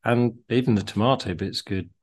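A man, co-hosting a casual chat and explaining things in a steady way with some fillers. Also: mid-range voice, a little fast, husky. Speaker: co-host.

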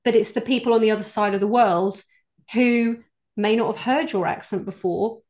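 A woman's voice: mid-range voice, steady tone, normal speed, a little mellow. A British woman, a voice coach, answering interview questions in an earnest, explanatory way. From United Kingdom. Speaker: executive voice coach, guest.

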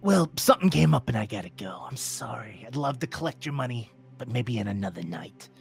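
The game master voicing a calm male card dealer who talks low, quiet and unhurried. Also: creaky, faint music behind. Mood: curt.

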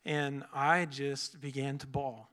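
A man's voice: medium pitch, level tone, takes it slowly, fairly bright tone. A young man giving an earnest, casual sermon, full of fillers and restarts. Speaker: preacher. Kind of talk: conversational sermon.

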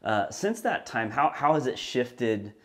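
A man hosts a talk show and asks his guest careful questions. He speaks at a middle pitch, pausing and restarting as he works out his wording. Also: very animated. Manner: halting, measured, restarts often. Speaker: host. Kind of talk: interview questions.

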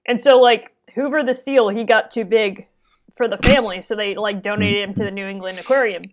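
A woman's voice: medium pitch, fairly even intonation, brisk, background noise. A woman co-hosting a podcast, telling an anecdote in a chatty way full of "like". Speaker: podcast co-host. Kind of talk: casual chat.

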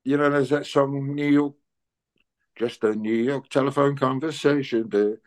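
An older man who talks in a loose, anecdotal way, full of "you know" and asides. His voice sits at an ordinary middle pitch, and he slips into quick little impressions when he quotes people. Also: fairly even intonation. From England. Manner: chatty, anecdotal, plays out dialogue in quoted voices. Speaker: interview guest, musician. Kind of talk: relaxed conversational storytelling.

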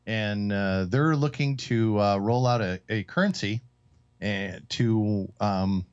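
A low-voiced man co-hosts a relaxed panel talk, working through economic points with frequent fillers and restarts. The audio is dull and lo-fi. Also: slow, clean tone. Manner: explains economics with hesitant fillers. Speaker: co-host. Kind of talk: casual round-table discussion. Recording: dull lo-fi sound.

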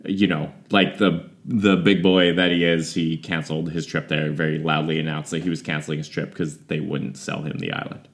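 A man's voice: extremely low pitch, level tone, normal speed, vocal fry, hardly any pauses. A man in casual podcast chat, sarcastic and cheerfully profane, laughing easily as he talks.

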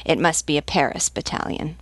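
A woman's voice: low voice, fairly quick, a bit bright, slightly rough, dry recording. A woman reading the part of a cold, ruthless aristocratic general who gives curt, clipped orders in an audiobook. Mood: coldly commanding.

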